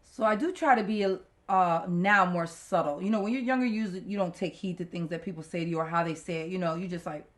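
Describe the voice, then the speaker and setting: A woman's voice: on the low side, a little fast, few pauses. A middle-aged woman co-hosting a podcast in casual chat, speaking bluntly and emphatically and laughing often. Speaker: podcast co-host.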